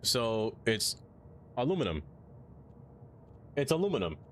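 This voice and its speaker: A man's voice: medium pitch, very animated, measured pace, a little hiss or hum. Chatty male streamer talking while he plays. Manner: chatty, playful, reacts out loud. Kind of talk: casual live-stream chat while playing.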